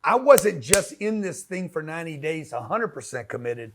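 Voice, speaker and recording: A man's voice: a little high, big pitch swings, normal speed, noisy background. A man giving a blunt, slangy motivational talk, punchy and direct, often acting out quoted voices. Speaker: motivational business speaker.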